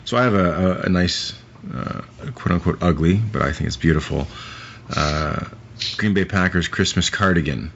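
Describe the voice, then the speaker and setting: Deep-voiced man rambling on a lo-fi podcast. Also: gravelly, a bit bright. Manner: rambling and profane, with drawn-out asides. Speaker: podcast co-host. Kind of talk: casual movie-review chat. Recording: muffled lo-fi recording with faint hiss.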